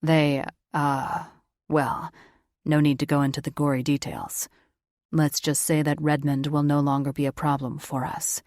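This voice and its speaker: A woman reading the part of a calm, wry young man with a dry, measured manner. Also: low-pitched, no room sound.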